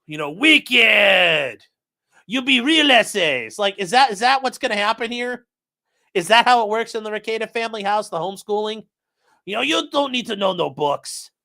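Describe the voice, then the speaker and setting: Sarcastic, profane commentator with lively pitch. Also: male voice, moderate pace. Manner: mocking, profane, incredulous; addresses live chat. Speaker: channel host. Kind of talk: sarcastic commentary on a court filing.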